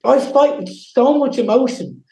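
Intense high-voiced Irish young man. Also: lively intonation, unhurried, gravelly, warm tone, reverberant, poor audio. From Ireland. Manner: intense, emotional, swears freely. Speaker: guest fighter. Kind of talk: casual interview.

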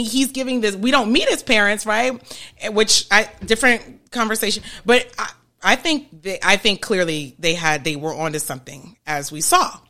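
Woman podcast host, bright voice, super chatty, keeps going "okay? right?" and laughing between points. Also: fairly high pitch, moderate pace. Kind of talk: casual explanatory podcast talk.

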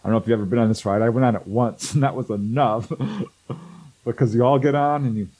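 A man's voice: mid-range voice, fast talker, dark tone, rough recording. A man telling a story in casual conversation as a guest, acting out quoted voices and laughing often. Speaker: guest, researcher of contact stories.

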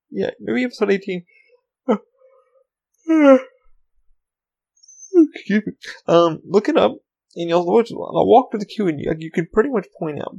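A man's voice: sits high, vocal fry, a little mellow, husky. A man in his thirties hosting a podcast on his own, talking in a rambling, profane, casual way. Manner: rambling, profane, self-interrupting. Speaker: podcast host. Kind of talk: casual solo podcast chat.

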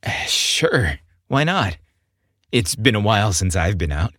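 Guy doing a chill friendly jock type, slow, dry sound. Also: fairly low pitch, very animated, fairly bright tone, no room sound, heavily acted. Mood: easygoing. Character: friendly muscular young man, easygoing.

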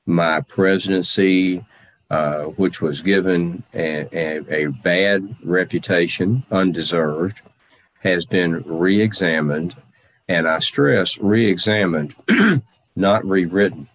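A man portraying an aging Civil War general and president in first person, speaking with slow, deliberate, formal phrasing. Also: deep voice, no room sound. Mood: earnest. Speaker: historical reenactor in character.

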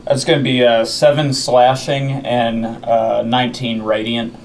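A man's voice: mid-range voice, flat delivery, a little slow, slight background noise. A man playing a tabletop game, talking bluntly and swearing casually. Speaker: player.

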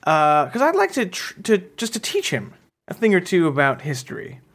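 A man's voice: high voice, huge pitch swings, normal speed, a bit bright. A man co-hosting a comedy podcast, speaking in a sarcastic, incredulous way. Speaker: podcast co-host.

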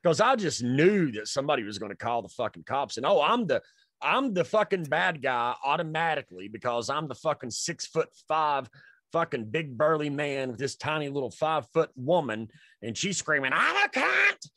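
A man with a somewhat high, expressive voice and a fairly bright tone co-hosts a podcast, telling a rambling, profane story in casual chat at normal speed. The studio sound is clean, with no echo.

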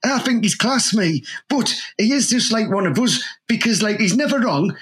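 High husky Teesside man, boastful and crude. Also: expressive, normal speed, a bit bright. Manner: boastful, full of "you know what I mean". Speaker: comic co-host in character. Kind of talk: crude comedic banter. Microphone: video call.

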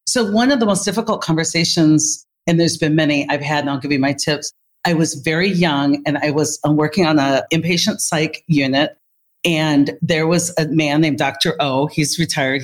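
A woman with a slightly low voice speaks as an interview guest. She tells her stories with energy and acts out quoted dialogue, and her pitch jumps up when she plays other people. She sounds confident and talkative. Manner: animated storyteller who acts out quoted dialogue. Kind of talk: storytelling in conversation.

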